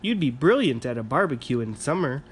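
An imaginative, eager little boy from a bedtime storybook, voiced by a man. His voice is pitched up and excited, and he turns stubborn when he wants to keep what he loves. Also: a little fast, a little hiss or hum, natural voice.

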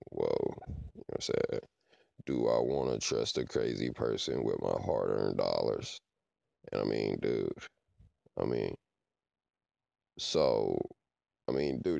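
With an extremely low, gravelly, darkish voice and no room sound, this man hosts a podcast. His talk is a loose, casual monologue peppered with "you know what I'm saying" check-ins.

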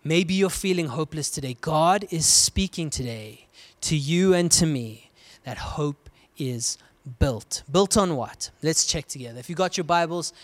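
A high-pitched male pastor from South Africa delivers a dynamic sermon. He climbs to loud, ringing cries and then drops to hushed, intimate lows. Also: moderate pace.

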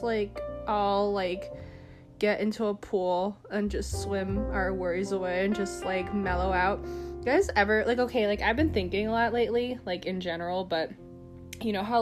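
A woman's voice: mid-range voice, fairly bright tone. A young woman ranting casually to the camera, profane and rambling with a self-mocking edge.

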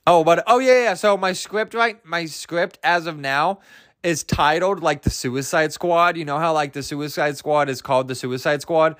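A man's voice: on the high side, normal speed, fairly bright tone, no echo, clean studio sound. A young man hosting a solo podcast, rambling in a goofy, self-amused way and laughing at his own jokes. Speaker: podcast host.

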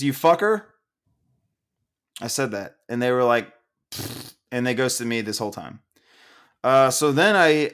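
A man co-hosting a casual podcast, ranting loudly and angrily with lots of swearing and laughter. He is a little drunk. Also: mid-range voice. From Oklahoma, USA. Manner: loud, profane, ranting, laughing. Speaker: podcast co-host.

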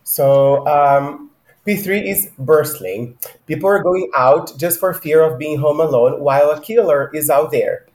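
A man's voice: fairly high pitch, a little slow, a little mellow. A man co-hosting a casual book discussion podcast, chatty and laughing easily, with frequent ums. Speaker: podcast co-host. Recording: roomy echo.

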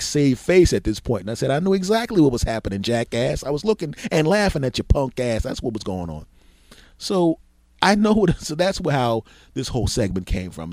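A man's voice: fairly low pitch, a little mellow, no echo. A man hosting his own podcast, telling a comic story in a loose, swearing style and acting out the people in it. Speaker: podcast host. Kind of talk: solo comedic storytelling podcast.

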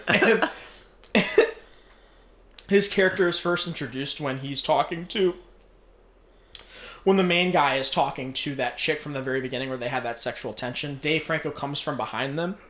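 A man's voice: a little high, moderate pace, long pauses. A young man casually retelling a film plot, swearing freely and laughing often. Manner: profane, laughing, animated storytelling. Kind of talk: casual movie recap. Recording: roomy echo.

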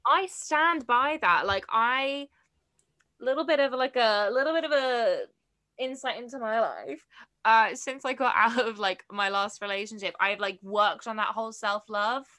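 Bright chatty young woman. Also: fairly high pitch, unhurried. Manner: chatty, many "like" fillers. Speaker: podcast co-host. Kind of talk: casual chat.

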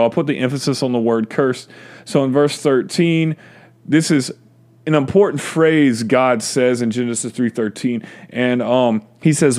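A man's voice: mid-range voice, darkish tone, smooth. A man teaching a conversational bible lesson, reading scripture aloud and stressing key words.

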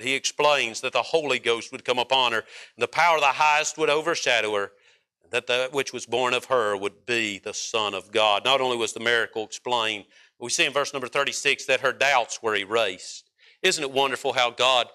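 A man preaching a sermon in a folksy, emphatic way, rising to loud peaks and dropping to quiet stretches. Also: mid-range voice, a little fast.

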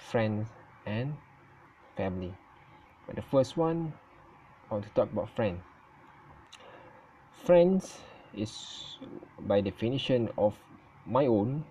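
A man whose first language is Malay, giving his opinion in casual talk on his channel, halting and stuttering and often correcting himself. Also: on the low side, mellow, slight background noise, low-quality recording. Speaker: vlogger. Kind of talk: casual spoken opinion recording.

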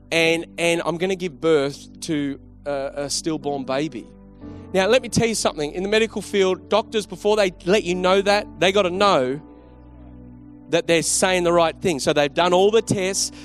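High-voiced male preacher, storytelling. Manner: storytelling, rising to emphatic exhortation. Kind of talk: sermon.

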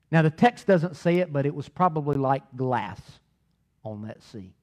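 Animated pastor, high lively voice. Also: male voice. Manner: animated, repeats words, swings loud and soft. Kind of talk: sermon.

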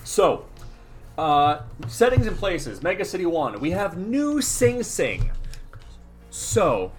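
A man's voice: high-pitched, very animated, slow pace, soft background music. A man co-hosting a podcast in casual chat, chatty and guiding the discussion. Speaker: podcast co-host.

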